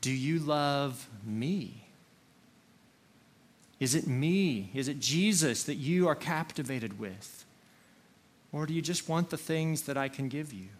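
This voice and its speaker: A man preaching a sermon, slow and earnest, leaning on single words for emphasis. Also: on the high side, lively intonation. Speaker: pastor.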